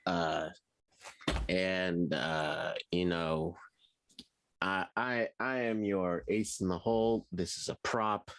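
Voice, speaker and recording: A man introducing his game character in halting casual talk full of fillers. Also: deep voice, fairly even intonation, fairly bright tone, dry recording. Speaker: player. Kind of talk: casual chat.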